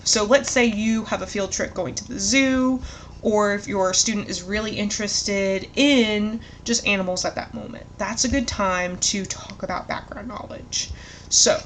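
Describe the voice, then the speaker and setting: A woman's voice: mid-range voice, a little hiss or hum. Encouraging woman tutor modeling words. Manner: encouraging, asks questions and models words slowly. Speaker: literacy tutor. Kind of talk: instructional tutorial.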